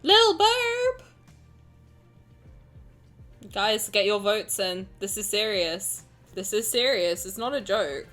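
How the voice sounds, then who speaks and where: A woman streamer chatting casually with her viewers, excitable and gushing, swearing freely. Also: medium pitch, measured pace, faint music behind. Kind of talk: casual livestream chat.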